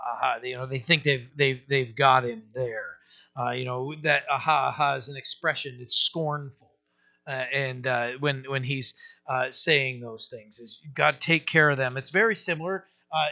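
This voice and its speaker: A man preaching an evening Bible study with a very bright, forceful tone and a slightly raised pitch. He keeps it conversational, tossing in rhetorical questions and restarting his phrases. The recording is dull and lo-fi. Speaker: pastor. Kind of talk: sermon teaching.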